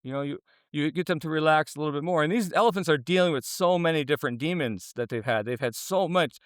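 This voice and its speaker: A man's voice: a little high, fast, smooth, no room sound. Middle-aged man, earnest, rambling, resonant voice, dry close sound. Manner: earnest, rambling with many restarts and fillers; gets emotional when talking. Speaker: former zookeeper and guest. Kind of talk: casual interview talk.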